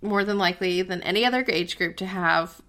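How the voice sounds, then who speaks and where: A woman's voice: on the low side, a little fast. A woman co-hosting a health news podcast, casually reading out news items with many fillers. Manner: relaxed, filler-heavy, reads headlines aloud. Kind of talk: casual chat.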